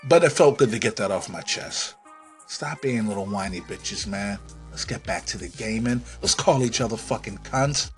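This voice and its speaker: A man hosting a podcast, delivering a profane comic rant that swings between yelling and low muttering. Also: animated, normal speed, faint music behind. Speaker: podcast host.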